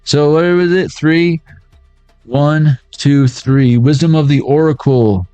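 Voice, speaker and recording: A man's voice: on the high side, fairly even intonation, slow pace, mellow, clear, resonant tone, no room sound, faint music behind. Playful slangy man reading tarot. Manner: playful and jokey, slangy banter. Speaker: tarot reader. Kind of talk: casual pick-a-deck tarot reading.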